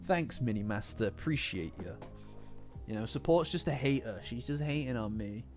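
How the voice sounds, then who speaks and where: A man's voice: mid-range voice, animated, normal speed, darkish tone. A man casually chatting with his live-stream chat, rambling and swearing, often breaking into laughter. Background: faint lofi music.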